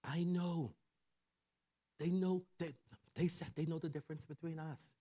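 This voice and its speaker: A middle-aged man giving a lively sermon-style talk on family and parenting, telling stories conversationally and checking in with the audience. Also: on the high side, unhurried. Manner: animated storyteller who acts out quoted voices. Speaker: church speaker on family and mental health.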